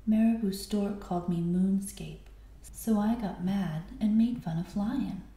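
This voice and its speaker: A woman's voice: medium pitch, unhurried, mellow, very echoey, lightly acted. A woman voicing a touchy bald male vulture in a storybook read-aloud, grumbling his complaint.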